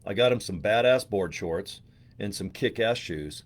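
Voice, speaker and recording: A man's voice: on the low side, expressive, measured pace. A man hosting a live stream in casual chat, joking and rambling with crude humor, recorded in his studio.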